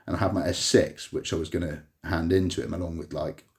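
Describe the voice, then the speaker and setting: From a hospital room, a man speaks to a phone on a tripod in a deep, steady voice, a little on the fast side. The vlogger's rambling monologue about a personal grievance is packed with fillers and restarts.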